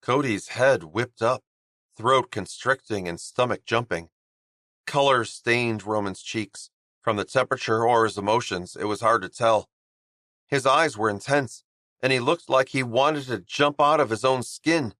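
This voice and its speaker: A male audiobook narrator reads a romance novel in a measured, even storytelling style from a script. His voice sits in the mid range, and the studio-quality recording has no echo.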